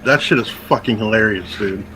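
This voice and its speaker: A man's voice: lowish voice, normal speed, sharp tone, rough recording. Male co-host, laid-back surfer-ish chatter, faint hiss. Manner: laid-back, says dude constantly. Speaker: podcast co-host. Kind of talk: casual chat.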